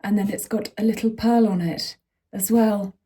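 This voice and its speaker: A woman chatting to her camera at home in an everyday mid-range voice. She gushes and bubbles over with excitement, slipping now and then into hushed whispers as she talks. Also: medium pitch, moderate pace. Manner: gushing and excitable, drops into soft whispers. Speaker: lifestyle vlogger. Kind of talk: casual chat to camera. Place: home indoors.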